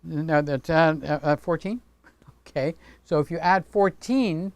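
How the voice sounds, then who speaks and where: Playful male livestream host who chats with viewers; smooth tone, dry close sound. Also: fairly high pitch, slow, dry recording. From Greek heritage. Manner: chatty, playful, talks with his hands. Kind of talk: casual livestream chat.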